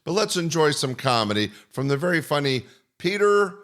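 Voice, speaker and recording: A man's voice: on the high side, sing-song, moderate pace, fairly bright tone. A male podcast host giving a friendly, plain scripted introduction to the acts on his comedy show.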